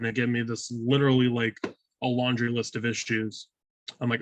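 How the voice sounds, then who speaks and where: Young man, twenties, candid blunt guest, mid pitch, dry mic. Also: flat delivery, moderate pace, dry recording, poor audio. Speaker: guest, photographer. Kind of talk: casual interview talk.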